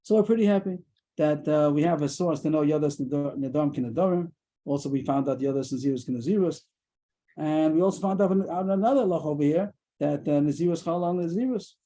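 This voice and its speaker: A man teaching a daily Talmud class over a video call, explaining quickly and mixing in Aramaic terms. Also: on the high side, mellow, rough recording.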